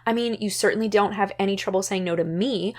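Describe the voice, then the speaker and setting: A woman's voice: mid-range voice, quick pace, a little mellow, lightly acted. A woman voicing a bossy teenage girl who lectures and accuses her best friend, in a book recap. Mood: indignant.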